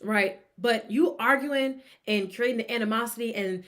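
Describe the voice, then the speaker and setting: A woman, co-hosting a sports gossip podcast in an opinionated, animated way, firing off rhetorical questions at her listeners. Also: normal speed. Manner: breaks into high-pitched laughing disbelief. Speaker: podcast co-host. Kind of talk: casual sports gossip commentary.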